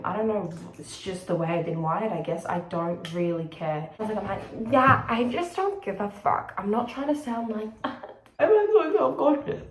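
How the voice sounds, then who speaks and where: A young Australian woman vlogs to camera in a casual, rambling chat, frank and sweary, slipping into quick put-on voices. Her voice is on the low side and a little mellow, recorded in an echoey room with faint background noise.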